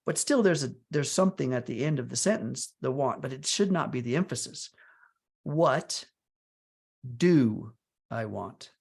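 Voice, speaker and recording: Guy with a gravelly voice explaining wellness stuff, lots of restarts, thinking out loud. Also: medium pitch, animated. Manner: halting, repeats words as he thinks. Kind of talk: wellness talk, explaining ideas.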